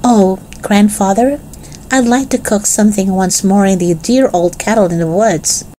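A woman voicing an eager, gentle young girl in a storybook read-aloud. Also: medium pitch, normal speed, slight background noise, pitched above the performer's own voice, close to an everyday voice.

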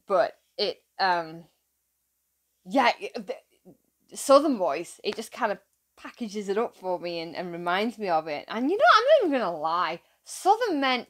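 A woman's voice: on the low side, big pitch swings, measured pace, a bit bright. A young woman from England hosting a reaction video, chatting casually in a giggly, gushing, rambling way.

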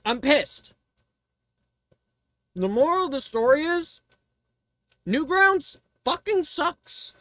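A woman's voice: sits high, takes it slowly, pauses often, dry recording. A woman streamer chatting casually on a livestream, ranting and swearing freely. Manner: ranting, profane, animated.

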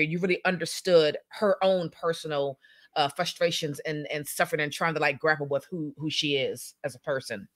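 Low, bright-voiced woman chatting about a book. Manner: agreeable, often chiming in with "yeah" and "mm-hmm". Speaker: book club co-host. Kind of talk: casual book discussion on a live podcast.

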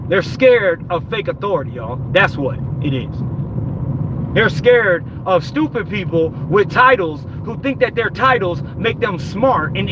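Angry high-voiced man ranting in a car. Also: background noise. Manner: angry, profane, rambling rant. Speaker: vlogger. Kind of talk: ranting vlog while driving. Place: in a car, driving.

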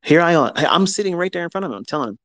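A man's voice: fairly high pitch, lively intonation, very fast, a bit bright, dry recording, low-quality recording. A man in his fifties hosting a live audio chat, telling a personal story in a blunt, profane way and acting out both sides of old arguments. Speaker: host.

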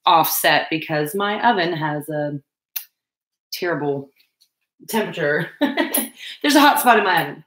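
A woman's voice: deep voice, expressive, unhurried, long pauses, a bit bright, reverberant, low-quality recording. Chatty woman crafting live. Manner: chatty, rambling, self-deprecating, talks to viewers and pets. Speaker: crafting livestream host. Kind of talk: casual chat while crafting.

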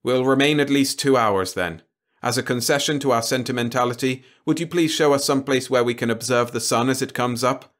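A stern, impatient commander who speaks loudly and sharply, as a man acts him out. His voice is raised well above the narrator's own low pitch. It sounds like a figure from a storybook reading. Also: brisk, natural voice. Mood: stern, insistent.

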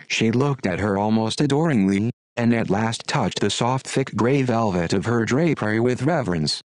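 A computer-generated male voice reading a classic story aloud, delivering narration and dialogue in the same even, machine-like way. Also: fairly low pitch, unhurried, no echo. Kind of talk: text-to-speech audiobook narration.

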